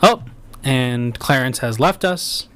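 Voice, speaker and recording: A man's voice: mid-range voice, animated, slow, fairly bright tone. A man hosting a comedy live stream, bantering in a mock-earnest, theatrical way. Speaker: host.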